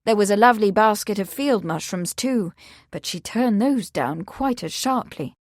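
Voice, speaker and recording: A dry, studio-quality recording features a woman narrating an audiobook from a script. Her voice sits at medium pitch, and her storytelling stays measured and even.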